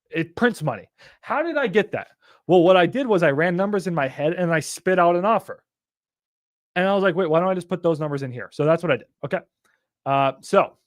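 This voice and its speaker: A man's voice: a little high, dry recording. Hyped guy rambling thru a live stream lesson, cursing, dry close sound. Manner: energetic, swearing, rambling. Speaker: real estate investor teaching on a live stream.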